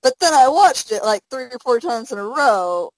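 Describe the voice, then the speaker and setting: A young woman co-hosts a casual podcast, her voice sitting a little high as she rambles through fillers and breaks into laughter. The sound is dry and close, with no room around it. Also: expressive, moderate pace, no room sound, rough recording. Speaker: podcast co-host. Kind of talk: casual chat.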